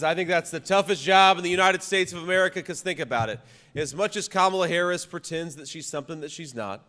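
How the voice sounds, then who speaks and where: A man, a vice-presidential candidate, gives a political rally speech. He repeats punchy slogans, shouts the big lines, and often restarts his sentences. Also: a little high, long reverb tail. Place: campaign rally venue.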